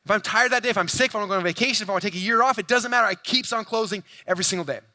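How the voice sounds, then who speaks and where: A man giving an energetic keynote talk at a large convention, talking fast to the crowd and acting out dialogue in his stories. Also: sits high, dry recording. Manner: fast, hyped, addresses crowd directly, acts out quoted dialogue. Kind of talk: energetic stage presentation. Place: large convention hall stage.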